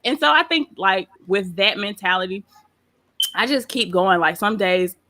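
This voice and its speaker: A woman, a pastry chef, telling stories in a casual interview, animated and slangy, laughing often. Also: medium pitch, normal speed.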